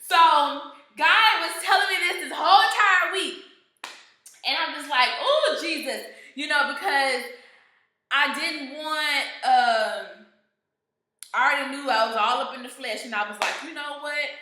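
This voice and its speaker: A woman's voice: high voice, a little slow, pushed and bright, reverberant. A woman giving an earnest devotional teaching, stressing points through emphatic repetition. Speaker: Bible teacher.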